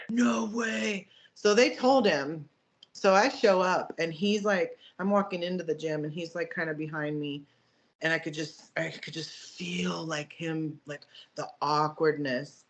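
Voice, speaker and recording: A woman's voice: on the low side, moderate pace. A woman co-hosting a podcast, telling a story in a casual, profane way with lots of filler words. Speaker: podcast co-host, powerlifting coach.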